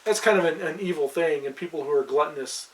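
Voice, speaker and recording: A man's voice: on the high side, fast talker, far from the mic, rough recording. A man who runs a tabletop fantasy world, chatting casually on a podcast and rambling with many fillers and restarts. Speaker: game master.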